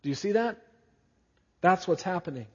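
A man's voice: sits high, lively intonation, normal speed, darkish tone, breathy edge. Preaching man in an echoing hall. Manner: earnest, emphatic, asks the listeners questions. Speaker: pastor. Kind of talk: sermon. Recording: dull lo-fi audio with long hall reverb.

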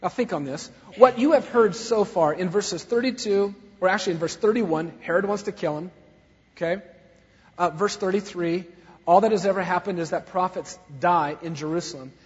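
Husky high-voiced preacher in an echoing hall. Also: male voice, moderate pace. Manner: swings from soft sorrow to loud fervor. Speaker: pastor. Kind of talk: sermon. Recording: dull recording in a long-echo hall.

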